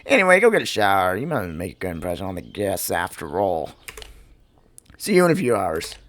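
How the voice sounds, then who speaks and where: A man's voice: deep voice, wildly swooping pitch, a little fast, fairly bright tone, pitched below the performer's own voice, exaggerated voice. A man reading the lines of a cheerful male party organizer who gives upbeat orders. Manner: upbeat, bossy reading of game dialogue.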